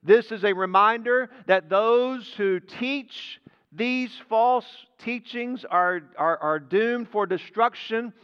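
A pastor in a church sanctuary preaches in a high, smooth voice at a slow, measured pace. He leans on key words and lets each phrase sink low at its end. The sound is dull and lo-fi, with a long reverb tail from the hall. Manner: deliberate, emphatic preaching that drops low at phrase ends. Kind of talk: sermon.

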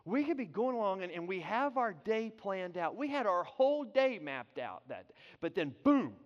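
A man preaching a sermon, telling a story in an animated way, often repeating and restarting his words. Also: sits high, moderate pace. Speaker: pastor. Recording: dull sound with long hall reverb.

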